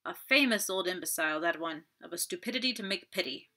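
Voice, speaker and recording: A woman voicing a polite, shrewd older detective in an audiobook, measured and guarded in speech. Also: on the low side, animated, bright, forceful tone.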